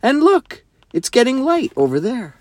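A fussy, practical schoolgirl speaks in a lifted, lively voice, put on by a man reading aloud. She sounds sensible and a little complaining. The sound is dry and close. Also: on the high side, moderate pace, no room sound, pitched above the performer's own voice.

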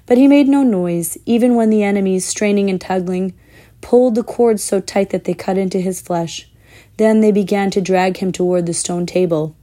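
A woman reading a children's fantasy book aloud in a measured, expressive way, with the odd slip. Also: medium pitch. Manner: measured, expressive, with small slips. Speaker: storyteller.

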